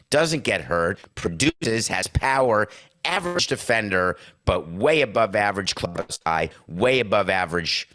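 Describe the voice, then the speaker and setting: Middle-aged male podcast host, sardonic and emphatic, slightly low, bright-edged tone. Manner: emphatic, sarcastic, punchy lists. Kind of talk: opinionated sports commentary.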